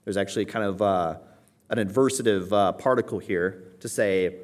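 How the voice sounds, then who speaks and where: A man who is a pastor, preaching a teaching sermon and explaining Greek words, often checking in with a quick "right?". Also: on the low side. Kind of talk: expository sermon.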